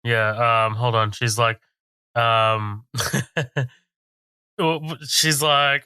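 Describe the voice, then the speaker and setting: A man's voice: mid-range voice, steady tone, very slow, pauses often, sharp tone, smooth, dry recording, studio quality. An Australian man co-hosting a podcast, chatting casually about a film, laughing and swearing. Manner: laughing, swearing, mocking quotes. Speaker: podcast co-host.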